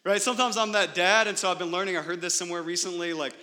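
A man's voice: high-pitched, fairly even intonation, fast talker, sharp tone, in a large hall. A man preaching a sermon as pastor in a church sanctuary, emphatic and full of rhetorical questions.

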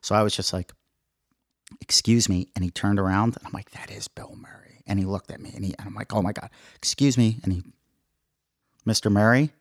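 A man's voice: on the low side, fairly quick, long pauses, no room sound, studio quality. A man telling a comic story on a podcast in casual chat, acting out the quotes and laughing as he goes.

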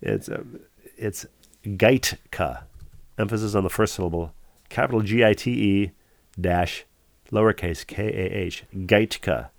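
A man's voice: lowish voice, normal speed, creaky, no echo, studio quality. A man co-hosting a podcast, reading listener mail aloud with chatty, jokey asides. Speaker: podcast co-host.

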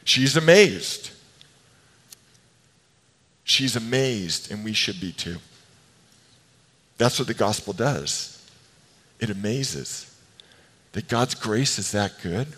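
A man's voice: on the low side, slow, long pauses, husky. Man preaching in a big echoing hall. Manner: animated, emphatic preaching with playful asides. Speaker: pastor. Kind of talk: sermon. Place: church sanctuary. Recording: long reverb of a large hall.

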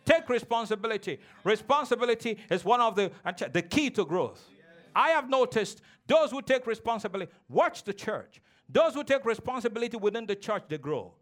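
A man with a strikingly high voice preaching a sermon in church. He calls on the congregation to answer back and slips into playful childish voices to make his points. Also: very animated, a little fast, fairly bright tone. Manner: preaching with call-and-response, mimicking childish voices. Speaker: pastor.

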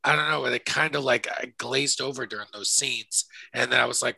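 Gravelly, bright-voiced man, hesitant. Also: medium pitch, no room sound, low-quality recording. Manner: hesitant, halting, many fillers. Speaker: podcast co-host. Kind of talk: casual movie chat.

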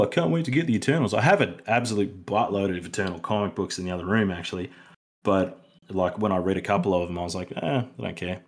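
Rambling man, low voice. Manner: rambling, lots of fillers and restarts. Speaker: podcast co-host. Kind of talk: casual film review chat.

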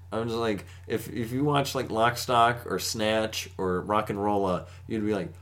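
A man's voice: on the low side, fairly even intonation, a little slow, fairly bright tone. A man co-hosting a podcast, chatting casually about movies in a laid-back, agreeable, wry way. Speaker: podcast co-host.

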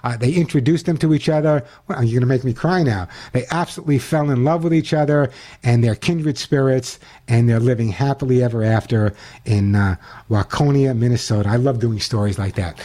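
An older man hosting a call-in pet radio show, chatting with callers and reading phone numbers out slowly. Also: mid-range voice, dark tone. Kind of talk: call-in radio talk and on-air product pitch.

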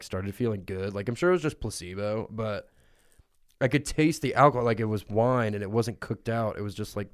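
A man's voice: fairly low pitch, clean tone, no room sound, clean studio sound. A man co-hosting a podcast, telling crude stories in a casual comedic chat and often breaking into laughs. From United States. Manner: crude, laughing, animated storytelling. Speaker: podcast co-host.

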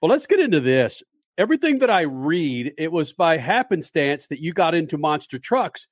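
A man hosting a motorsports radio show, interviewing a guest in a jokey, energetic way. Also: on the high side, normal speed, dry recording, studio quality.

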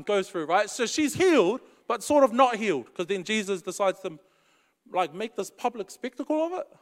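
A man's voice: high voice, a bit bright, long reverb tail. A man preaching in a casual, slangy storytelling way. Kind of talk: storytelling sermon.

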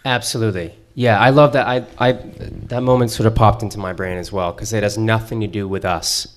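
A man hosting a live book club discussion in a bookstore, talking haltingly with many fillers and restarts. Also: fairly low pitch, fairly even intonation, noisy background. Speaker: podcast host. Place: bookstore event before a live audience.

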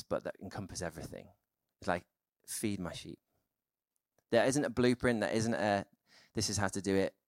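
Casual low-voiced male preacher, dry sound. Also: no room sound. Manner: conversational, informal sermon with many fillers. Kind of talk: sermon.

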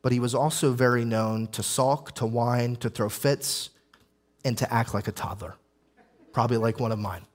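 A man's voice: mid-range voice, steady tone, moderate pace. A young adult man, a pastor, preaching an emphatic sermon with repeated phrases and listed points.

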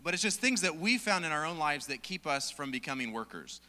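A male preacher talks in a conversational way, with a light joking touch. His voice is very bright and a little high. It is heard with the long reverb of a hall. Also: very animated, fairly quick. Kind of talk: sermon.

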